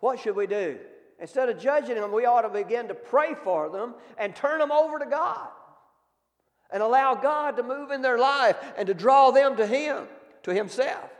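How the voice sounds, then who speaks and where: Male preacher, folksy and direct, higher pitch, long hall echo. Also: lively intonation, normal speed. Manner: folksy, calls out questions to the congregation. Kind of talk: sermon.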